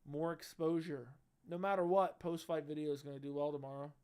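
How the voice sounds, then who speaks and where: A man's voice: fairly high pitch, steady tone, a little fast, darkish tone, clear, resonant tone. A brash young man hosting a casual livestream, reading chat and bantering loosely with slang and swearing into a studio mic. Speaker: livestream host. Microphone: studio dynamic mic.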